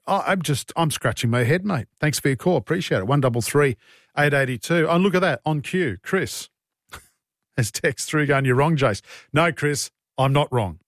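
A man's voice: a little high, no echo, clean studio sound. Blunt Australian talkback host, man. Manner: blunt, exasperated, opinionated. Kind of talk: talkback radio, reading texts and taking calls. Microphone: studio broadcast mic.

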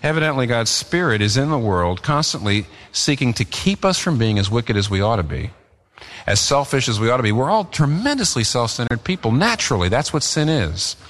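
A man's voice: big pitch swings, fairly quick, a bit bright. A male pastor delivers a sermon in an earnest, emphatic way. His voice sits in a middle register and swings up and down as he drives points home. A long reverb from the church hall trails after each phrase. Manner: earnest, emphatic preaching with rising and falling pitch.

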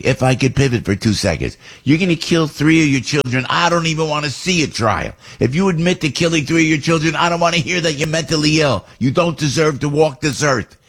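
Older male radio host, husky voice, indignant rant, repeats himself. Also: fairly high pitch. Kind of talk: opinionated talk radio monologue.

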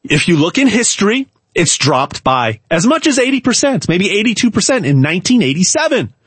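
Man, sales pitch, emphatic, repetitive, lively swooping pitch, husky. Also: dry recording. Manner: emphatic, repetitive, stumbles and restarts; hard-selling, talks straight to the viewer. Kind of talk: direct-to-camera sales pitch.

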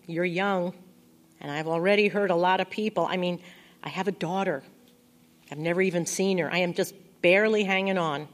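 A woman reading as a gentle, weary young man. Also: lowish voice, fairly even intonation, normal speed, in a large hall, close to an everyday voice. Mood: tender. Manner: soft, hushing, reassuring.

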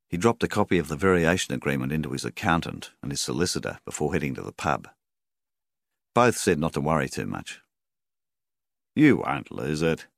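Very deep gravelly male audiobook narrator. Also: no room sound, clean studio sound. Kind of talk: scripted narration.

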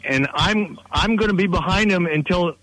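A man calling into a sports radio show, speaking earnestly and a little haltingly. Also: high voice, a bit bright, dry recording, poor audio. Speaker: caller. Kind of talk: call-in radio.

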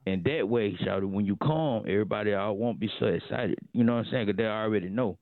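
Rambling caller on a tinny phone line. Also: male voice, lowish voice, no echo. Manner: rambling, drawn-out excuse with Southern slang. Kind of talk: comedic phone call.

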